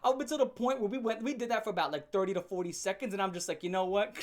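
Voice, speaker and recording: A young man telling a funny story from his teen years in a casual, animated way, laughing often and swearing freely. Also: high-pitched, quick pace. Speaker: storyteller host. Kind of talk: comedic storytime vlog.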